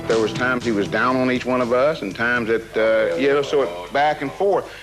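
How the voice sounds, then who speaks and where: Over music on a low-quality recording, a man of medium pitch and moderate pace is interviewed about a personal memory. He rambles casually, with lots of fillers and restarts, dropping "man" into his talk.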